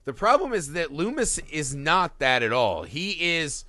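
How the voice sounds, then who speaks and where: A man hosting a casual film podcast, talking in an animated, profane way and acting out movie scenes. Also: on the high side, unhurried, no room sound, studio quality. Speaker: podcast host.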